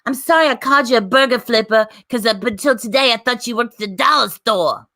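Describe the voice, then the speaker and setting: Brash New York woman with a New York accent, a woman doing the impression, nasal and mocking, pitched well above her own voice. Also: brisk, sharp tone, no echo, studio quality. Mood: indignant.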